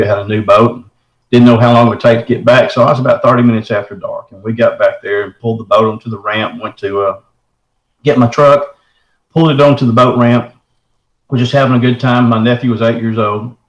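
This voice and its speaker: A man's voice: on the low side, level tone, fairly quick, reverberant, muffled recording. A middle-aged man from the States. He earnestly recounts a personal encounter as a caller, in a folksy way. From Texarkana area, southern United States. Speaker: caller telling his encounter.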